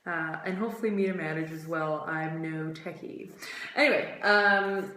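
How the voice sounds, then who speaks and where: A woman with a low, sharp-toned voice livestreams from her phone in a room at home, where the recording sounds roomy. She's an athlete who chats casually at a moderate pace with fairly even intonation, rambling and filling gaps with fillers.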